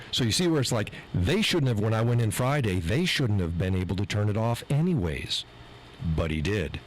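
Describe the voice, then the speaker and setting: Deep-voiced and from the USA, this live show host spins an exasperated storytelling rant, growing more heated and cursing freely in an animated way. His mixer board mic gives a rough recording with a bit of hiss or hum.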